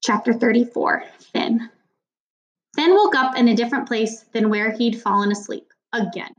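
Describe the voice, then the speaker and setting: A woman reads a children's novel aloud in a somewhat high voice. She narrates steadily, now and then stumbling and restarting a line. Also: normal speed, dull audio. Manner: reading aloud with small slips and restarts.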